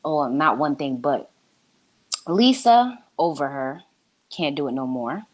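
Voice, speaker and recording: A woman's voice: deep voice, sing-song, slow, darkish tone. A woman from New York calling in to a live show, blunt and sassy in her casual commentary. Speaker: caller.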